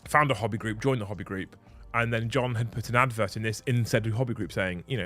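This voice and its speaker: A man's voice: lowish voice, quick pace, fairly bright tone, faint music behind. A man in his thirties hosting a casual livestream from his home office, earnest and rambling, often restarting his sentences. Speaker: channel host.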